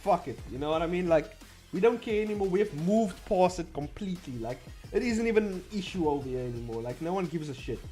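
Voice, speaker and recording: A man's voice: sits high, expressive, fast talker, dark tone, soft background music. A young man chatting casually on a livestream, rambling and blunt, swearing freely. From South Africa. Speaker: streamer.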